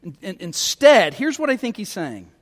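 A man's voice: high-pitched, big pitch swings, moderate pace, big-room sound. A male pastor preaching a sermon, emphatic and repeating words as he starts phrases.

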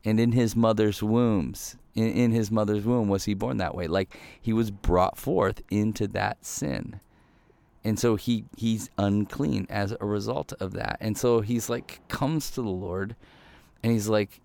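A man's voice: fairly low pitch, measured pace, creaky, warm tone, no echo. A man giving a casual, conversational sermon, talking loosely with lots of "like" and "right?" asides. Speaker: preacher.

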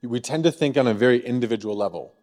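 A man from Missouri preaching a sermon as pastor, in a conversational way, often asking the room a quick "right?". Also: medium pitch, a little mellow, in a large hall. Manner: conversational, frequent rhetorical "right?". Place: church sanctuary.

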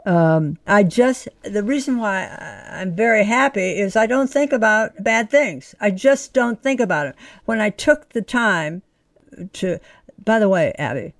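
A woman's voice: medium pitch, lively intonation, unhurried, no room sound. Emphatic, outspoken woman author guest. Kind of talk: conversational interview.

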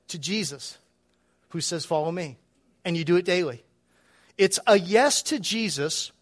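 Middle-aged male pastor, high-pitched, relaxed conversational preaching, quick laughs. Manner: conversational, chuckling asides, frequent restarts. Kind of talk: sermon. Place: church.

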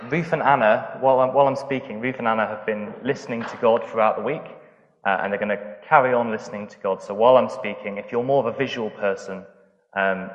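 A man opening a sermon in a casual, hesitant way with many fillers. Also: mid-range voice. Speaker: preacher. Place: church hall. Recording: dull roomy hall sound.

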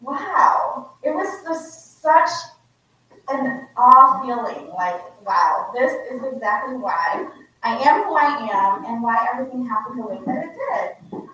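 A woman's voice: a little high, slow pace, far from the mic. A woman author giving an unplanned, heartfelt personal story to a live audience in an echoey room. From United States. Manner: earnest, heartfelt, animated. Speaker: author and guest speaker. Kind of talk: unprepared personal storytelling talk.

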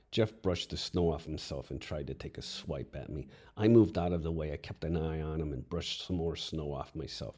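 A man's voice: rumbling low, moderate pace, darkish tone, breathy edge. A man telling a first-person story with wry, crude humor.

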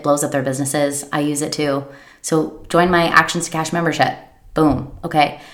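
A woman with a fairly low voice gives an emphatic motivational coaching talk. She leans on repeated phrases and slips into quick, worried imitations of her listeners' inner doubts. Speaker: business coach.

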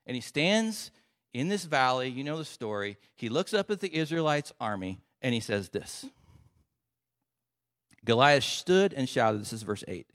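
Storytelling pastor in a reverberant hall. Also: male voice, mid-range voice. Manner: conversational storytelling with casual asides. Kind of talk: sermon.

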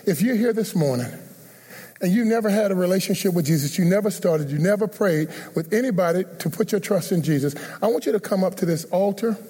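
Direction: a high-voiced pastor pleading at an altar call. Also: male voice, mellow, breathy edge, big-room sound. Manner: earnest, repetitive pleading invitations. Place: church sanctuary.

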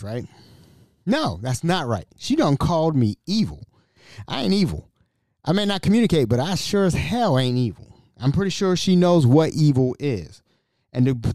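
A man hosting his own podcast, telling a story in a blunt, slangy, animated way. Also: on the high side, no room sound, studio quality. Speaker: podcast host. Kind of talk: solo podcast monologue.

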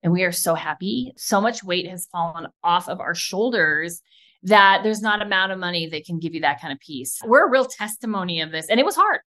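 A woman co-hosting a podcast who talks quickly and with plenty of enthusiasm. Her delivery is lively and conversational, easy-going chat with a listener in mind. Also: fairly low pitch. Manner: enthusiastic, fast-talking, animated. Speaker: podcast co-host.

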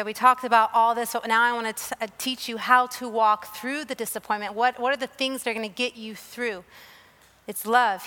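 A woman's voice: on the high side, pushed and bright. A woman preacher giving an earnest, emotional sermon, telling personal stories and often repeating her phrases. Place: church or hall with staff present. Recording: long reverb of a large hall.

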